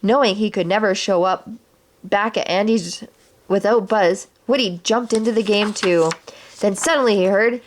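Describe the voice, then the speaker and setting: A woman reading a children's storybook aloud in a clear, steady storytelling way. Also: medium pitch, moderate pace.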